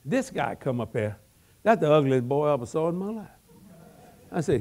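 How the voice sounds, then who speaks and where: Folksy older preacher with a higher voice. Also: male voice, moderate pace. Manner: folksy, animated, repeats words while telling stories. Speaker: evangelist preacher. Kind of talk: humorous storytelling sermon.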